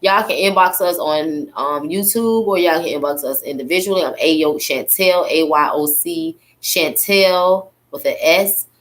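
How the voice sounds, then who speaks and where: A woman's voice: deep voice, unhurried, hardly any pauses. A woman co-hosting a casual podcast, talking in a laid-back, slangy way. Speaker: podcast co-host. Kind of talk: casual chat.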